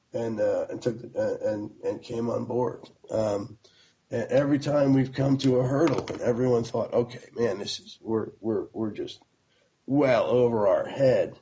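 A man's voice: medium pitch, dark tone, dull audio. A middle-aged American man telling the story of starting his magazine in a casual, rambling way, full of fillers and restarts.

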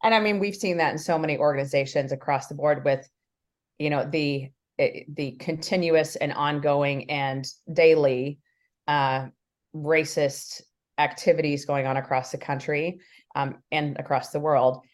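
A woman's voice: low voice, steady tone, measured pace. A woman co-hosting a podcast, talking conversationally with many fillers as a workplace consultant.

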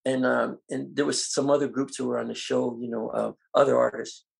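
Gravelly older man telling stories. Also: mid-range voice, a little fast. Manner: animated, acts out quoted voices. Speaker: guest. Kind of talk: storytelling in an interview.

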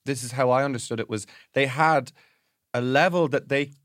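A man's voice: medium pitch, moderate pace, a bit bright, dry recording, clean studio sound. A young Irish man co-hosting a podcast, musing wryly and playfully about childhood. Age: young adult. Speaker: podcast co-host. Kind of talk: casual comedic chat.

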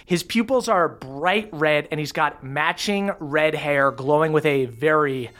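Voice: mid-range voice, unhurried. Laid-back tabletop game master. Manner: descriptive, relaxed narration with fillers.

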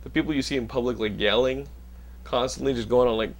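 A man's voice: medium pitch, fast. A young man hosting a casual chat, telling stories with lots of swearing and animation. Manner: animated storyteller, swears a lot. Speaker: podcast host.

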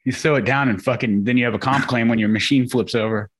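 A man's voice: mid-range voice, fairly even intonation, fast, slight background noise. A man co-hosting a podcast in casual chat, laid-back with a wry, profane way of talking. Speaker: podcast co-host.

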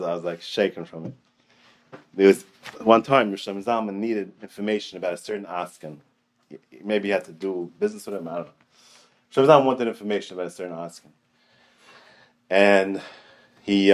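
A middle-aged man giving a storytelling Torah class in an animated way, often repeating his phrases and chuckling. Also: low-pitched, fairly quick, pauses often. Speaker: Torah teacher.

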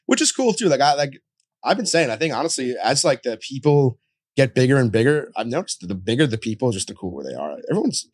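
Young male podcast guest, rapid storyteller, dry close sound. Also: medium pitch, very animated, no room sound. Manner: rapid storytelling with lots of fillers and swearing. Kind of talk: casual chat.

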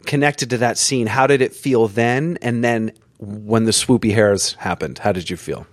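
A man's voice: mid-range voice, moderate pace, dry recording, clean studio sound. A man chatting casually on a podcast, telling rambling, self-mocking stories. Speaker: podcast guest. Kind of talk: casual chat.

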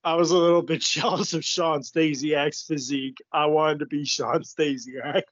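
A man co-hosts a podcast, chatting casually with candid, quick asides. His voice is a little high. The sound is dry and dull, like a lo-fi recording. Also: fairly even intonation, a bit bright, no room sound. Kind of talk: casual chat.

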